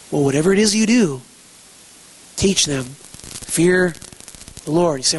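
Male pastor, husky, high voice, emphatic, rhetorical questions, repeats phrases. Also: normal speed, pauses often, poor audio. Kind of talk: sermon.

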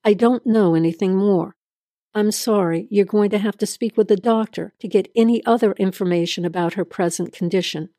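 A woman voicing a male police officer in an audio drama reading, calm and matter-of-fact. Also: medium pitch, normal speed, no room sound, clean studio sound, close to an everyday voice.

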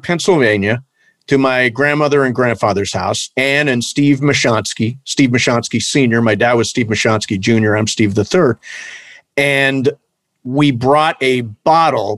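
A man in casual conversation, telling a lively anecdote with energy. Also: medium pitch, dry recording. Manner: animated storyteller, shouts in impressions. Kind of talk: casual chat.

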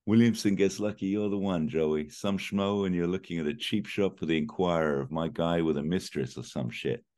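A man's voice: low-pitched, normal speed, a little mellow, close to an everyday voice. A man reading the lines of a brash, needling male bodyguard who is an old friend of the hero.

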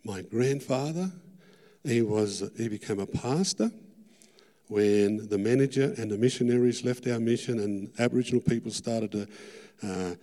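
A middle-aged Australian man preaching a sermon testimony, earnest and fervent, repeating his words and rising to loud peaks. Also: medium pitch, moderate pace. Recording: long hall reverb.

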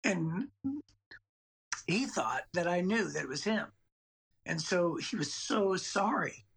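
In a podcast interview, a guest in his late forties shares a story from his own childhood, rambling and repeating words as he goes. He speaks slowly and with animation, his high-sitting, fairly bright voice carrying vocal fry and a breathy edge.

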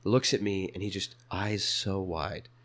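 A young man casually telling a funny story, his voice jumping up high whenever he quotes people. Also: measured pace. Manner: animated, jumps to high pitch when quoting people.

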